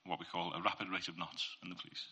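A man's voice: sits low, level tone, quick pace, gravelly, bright, forceful tone, slightly rough. A man giving an informal Christian faith talk. He speaks earnestly and conversationally, sharing testimony and addressing listeners directly.

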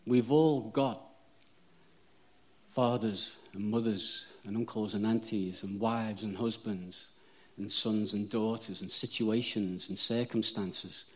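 Slow-talking preacher, chatty then fervent. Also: male voice, lowish voice, steady tone. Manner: chatty and self-deprecating, rising to fervent emphasis on repeated phrases. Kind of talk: sermon.

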